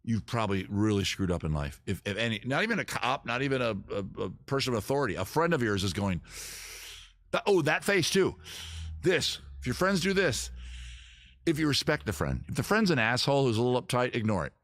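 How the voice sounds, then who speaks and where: A man hosting a music livestream, chatting casually and jokingly in a rambling, animated way and tripping over his words. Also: mid-range voice, fast talker, no echo. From United States. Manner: rambling, animated, self-interrupting with stutters. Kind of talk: casual joking chat between songs. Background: loud guitar music.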